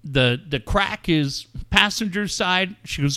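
A man's voice: high-pitched, unhurried, bright, forceful tone. A middle-aged man hosting a radio show, telling a story casually and acting out phone calls in quoted voices.

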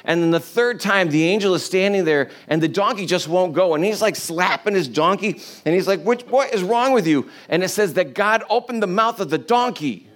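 A man's voice: high voice, brisk, few pauses, a bit bright. A man preaching a sermon as casual storytelling, conversational and humorous, with many "like" and "you know" fillers.

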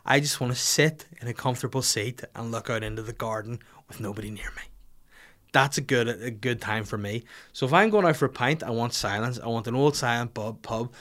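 A man rants for laughs on a podcast, sardonic and full of swearing. His voice sits at an ordinary male pitch. He talks as if to a friend across the table. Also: a little fast, a bit bright. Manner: sardonic and profane, ranting. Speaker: podcast host. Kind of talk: comedic rant.

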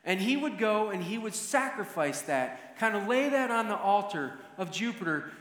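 A man's voice: high voice, sing-song, moderate pace, fairly bright tone. A man telling a story to teach, acting out the scene vividly. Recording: echoey hall with long reverb.

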